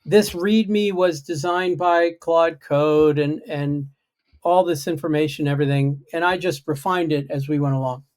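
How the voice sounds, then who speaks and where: A man's voice: on the high side, steady tone, a little slow, a little mellow. Chatty man with a raised voice. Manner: chatty, self-deprecating. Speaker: guest programmer. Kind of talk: casual livestream talk.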